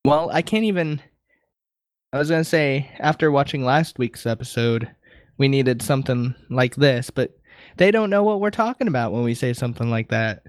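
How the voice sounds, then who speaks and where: A podcast co-host with a medium-pitched voice chats loosely at a moderate pace, recorded dry in a clean studio. His delivery is animated, and he laughs often during the casual conversation.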